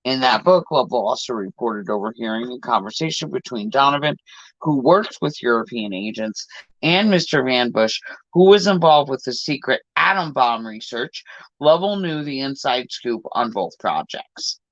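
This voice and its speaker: A man's voice: medium pitch, lively intonation, moderate pace, fairly bright tone, no echo. Man reading a book aloud, dry lo-fi sound. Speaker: podcast host. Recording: dull lo-fi dry recording.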